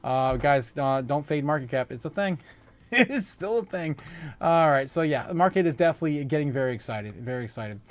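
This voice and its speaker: Excitable man hosting a crypto stream. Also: a little high, brisk. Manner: excitable, laughs often, hyped. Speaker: crypto livestream host. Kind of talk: casual livestream chat reading comments.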